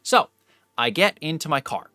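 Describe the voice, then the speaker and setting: A young man on a live stream spinning a long, rambling anecdote for his chat. His tone is bright and forceful, with lively jumps up in pitch and a freely swearing, easygoing delivery. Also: normal speed, dry recording. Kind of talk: casual storytelling to live chat.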